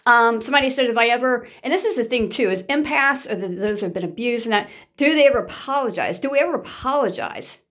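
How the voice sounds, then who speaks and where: A woman's voice: on the high side, expressive, quick pace, few pauses, a bit bright. A woman talking straight to her viewers in a casual monologue. She is blunt and emphatic, repeats herself for emphasis, and swears freely.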